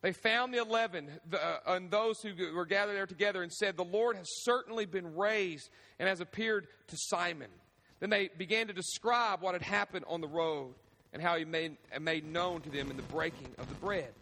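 Male pastor, high bright voice, animated storytelling sermon, echoing hall. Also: moderate pace. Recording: echoey hall with long reverb.

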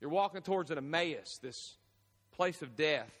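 Male pastor, high bright voice, animated storytelling sermon, echoing hall. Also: normal speed. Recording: echoey hall with long reverb.

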